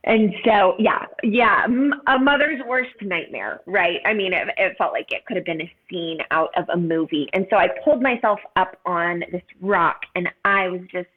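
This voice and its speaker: A woman's voice: lowish voice, moderate pace, hardly any pauses. Woman in her 30s telling a story, earnest and heartfelt, lots of "like", sounds like a phone call. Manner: earnest, heartfelt, many "like" fillers. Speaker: podcast guest. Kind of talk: personal storytelling. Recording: tinny phone-like line.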